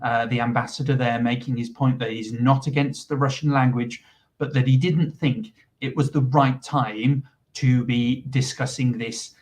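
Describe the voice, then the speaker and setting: A man's voice: mid-range voice, little pitch movement, normal speed, darkish tone, distant mic. A man giving live commentary on a proceeding and explaining what is happening while he waits for it to move on. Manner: explanatory, filling time while waiting. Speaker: livestream commentator.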